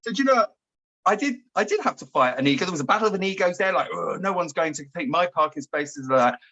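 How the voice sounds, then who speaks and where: A man co-hosting a relaxed chat. He tells stories in a rambling way and gets animated when he acts out what he said. His voice sits a little high for a man. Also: quick pace, muffled recording. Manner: chatty storyteller, animated when acting out his own outbursts. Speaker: co-host. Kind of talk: casual chat.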